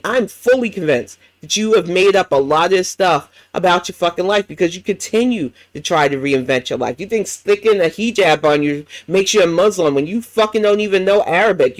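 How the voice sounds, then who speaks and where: Heated, profane high-voiced male host. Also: lively intonation, fairly quick, hardly any pauses, no echo, low-quality recording. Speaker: livestream commentary host. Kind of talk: ranting reaction commentary.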